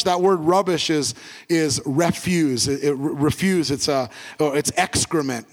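A man's voice: a little high, measured pace, long reverb tail. A male pastor preaching a sermon, repeating key phrases and asking the congregation to say words back with him.

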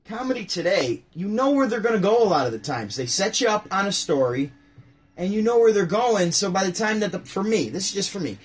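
A man's voice: high-pitched, breathy edge. A man hosting his own show, chatting casually and ramblingly about his favorite comedians, with frequent restarts and asides. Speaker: show host. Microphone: home setup near a window.

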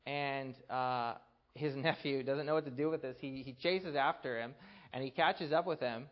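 A man preaching a sermon, earnest, building to emphatic peaks and dropping to a hushed voice to tell a story. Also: mid-range voice, normal speed, muffled recording.

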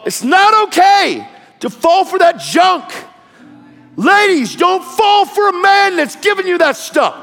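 Fiery gravelly high-voiced male preacher. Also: very animated, takes it slowly, big-room sound. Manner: shouting, preachy, storytelling with acted quotes. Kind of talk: fiery sermon.

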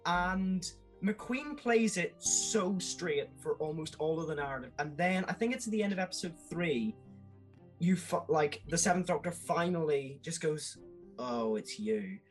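A man talking enthusiastically as a podcast guest, with quick asides and laughs. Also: fairly high pitch, faint music behind, poor audio. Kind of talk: casual podcast chat.

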